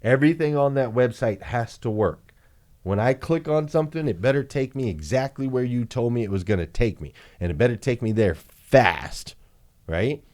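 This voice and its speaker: Brief: male dealership coach, mid-pitched voice, punchy and emphatic, repeats points for effect. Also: animated, moderate pace, a little mellow. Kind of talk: motivational business training talk.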